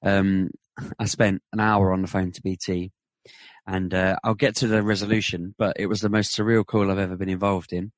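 A man co-hosting a podcast, telling an animated story in casual chat. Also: deep voice, fairly quick, no echo. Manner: animated, rising to excited retelling. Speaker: podcast co-host.

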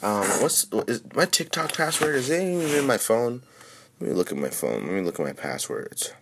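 A young man chatting casually while streaming, excitable and swearing constantly, swinging from mumbling to shouting. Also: medium pitch, moderate pace, gravelly, a little hiss or hum. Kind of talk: casual profane livestream chatter.

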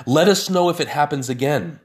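A man voicing a boastful, blustering brother-in-law who rants loudly and indignantly. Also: a little high, a little fast, voice pushed up, natural voice. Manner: loud indignant ranting.

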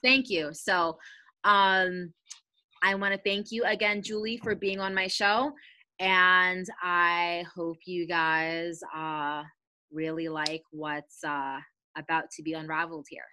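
Chatty raspy young woman host. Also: lowish voice, fairly even intonation, slow pace, pushed and bright, no room sound. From Ohio, USA. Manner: chatty with many fillers. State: raspy voice from allergies. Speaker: podcast host. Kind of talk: casual podcast chat. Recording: dry with faint background music.

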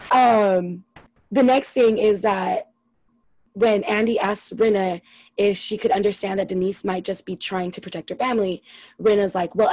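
A woman's voice: medium pitch, a little mellow, husky, no room sound, rough recording. A young woman co-hosting a podcast, chatting casually and ranting with lots of swearing about a reality show. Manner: profane, exasperated, ranting. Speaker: podcast co-host.

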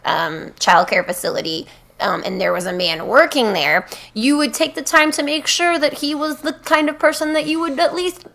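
A woman hosting a casual chat, reacting warmly and asking long, rambling questions. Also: sits high, normal speed, vocal fry, a little hiss or hum. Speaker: host.

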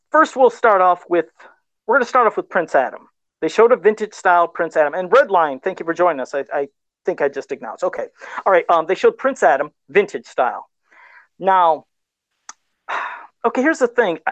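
A man's voice: sits high, no room sound, muffled recording. A man co-hosting a casual live stream about toys, talking in a rambling, chatty way full of fillers. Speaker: co-host of a toy-collecting live show.

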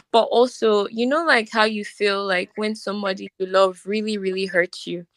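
A woman's voice: mid-range voice, fairly even intonation, moderate pace, hardly any pauses, no room sound. Young woman, podcast co-host, personal testimony, earnest, emotional, filler "like", dry close sound. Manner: earnest, emotional, says "like" often. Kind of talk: personal testimony, casual chat.

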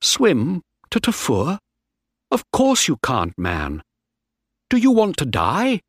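Worried earnest young sailor as voiced by a man, raised voice, lively ups and downs. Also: a little high, slow pace, breathy edge, dry recording, clean studio sound, pitched above the performer's own voice, full character voice. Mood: alarmed. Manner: anxious, earnest. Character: worried young male sailor friend, pleading.

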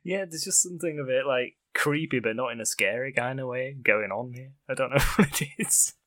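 A man's voice: medium pitch, fairly quick, sharp tone, no echo. A man hosting a casual film podcast, chatty and giggly, often laughing as he talks. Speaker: podcast host.

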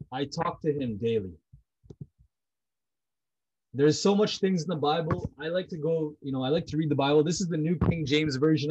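A man's voice: a little high, a little mellow, breathy edge, rough recording. A man talking about prayer in a heartfelt, personal way. He is intense and blunt, repeats himself, and swears freely.

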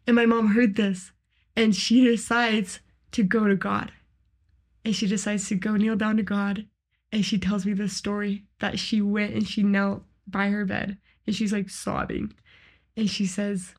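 A woman's voice: mid-range voice, little pitch movement, measured pace. A young woman co-hosting a podcast, sharing faith in an earnest, heartfelt casual chat full of "like" fillers. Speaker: podcast co-host.

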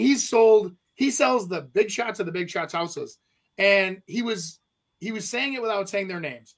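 A man, a real estate agent hosting a podcast, telling a story in an animated, rambling way with restarts. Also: high-pitched.

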